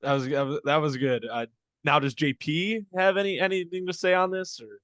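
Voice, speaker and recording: A man's voice: on the high side, a little fast, a bit bright, no echo. A man co-hosting a fantasy football podcast, talking loosely and chattily with frequent restarts. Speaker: podcast co-host. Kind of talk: casual sports podcast chat.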